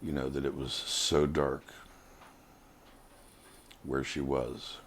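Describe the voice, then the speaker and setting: Very deep, slow-spoken man. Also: little pitch movement, slight background noise. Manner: earnest, halting storytelling. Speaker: vlogger. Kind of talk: personal spiritual testimony.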